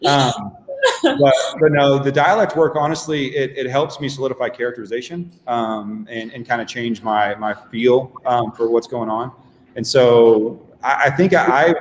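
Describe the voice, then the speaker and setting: A man, a stage actor, chatting easygoing and self-deprecating, halting with fillers. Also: mid-range voice, steady tone. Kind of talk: casual interview chat. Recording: echoey hall with faint noise.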